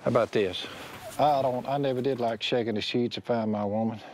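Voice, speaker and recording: A man's voice: mid-range voice, fairly even intonation, fairly quick, darkish tone, a little hiss or hum. A father, folksy and dryly teasing his family. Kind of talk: reality show banter. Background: music.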